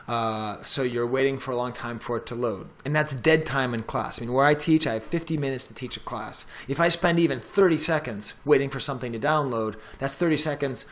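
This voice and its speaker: A middle-aged man, a professor, walking through a software tutorial in a casual, chatty way as he clicks through the steps. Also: medium pitch. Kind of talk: screen-recorded tech tutorial.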